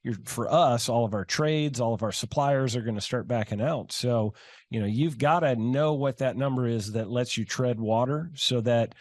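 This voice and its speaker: A man's voice: medium pitch, moderate pace, dry recording, studio quality. Rambling middle-aged man. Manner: relaxed, rambling, many fillers. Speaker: guest, home builder. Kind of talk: interview answers.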